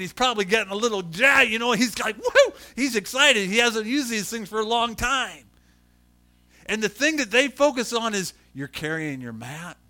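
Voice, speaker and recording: A middle-aged man preaching a sermon, telling stories and acting out the voices of the people in them. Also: high-pitched. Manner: animated, acts out voices in his stories. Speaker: pastor. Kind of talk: storytelling sermon.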